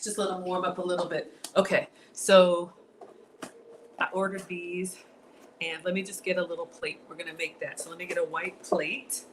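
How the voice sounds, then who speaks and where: A woman's voice: lowish voice, flat delivery, moderate pace. Woman home-cook vlogger, casual y'all chatter, noisy kitchen. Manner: chatty, addresses viewers as y'all. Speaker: cooking vlogger. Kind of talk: casual cooking demonstration.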